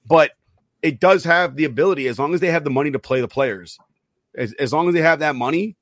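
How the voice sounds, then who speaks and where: A man co-hosting a sports podcast, a profane storyteller who laughs often and mimics people loudly. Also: a little high, fast, no room sound, studio quality. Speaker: podcast co-host. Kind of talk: casual sports chat.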